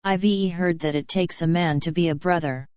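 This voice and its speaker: A woman's voice: fairly low pitch, steady tone, a little mellow, clean tone, no room sound, natural voice. Woman reading a cool-headed outlaw newcomer. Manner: quick, dignified, defiant answers. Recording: dull lo-fi.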